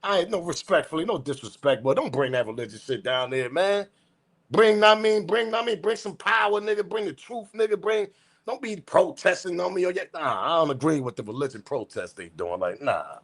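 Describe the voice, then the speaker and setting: Ranting man with a highish voice. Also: brisk, breathy edge. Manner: profane, repetitive, slangy, keeps saying respectfully; animated, swings from muttering to shouting. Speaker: host. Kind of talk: ranting news commentary.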